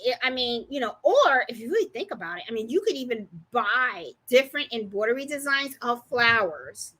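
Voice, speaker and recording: A woman's voice: fairly high pitch, sing-song, normal speed, bright, forceful tone. A woman hosting a live crafting stream, chatting casually, laughing often and greeting viewers by name. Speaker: livestream host.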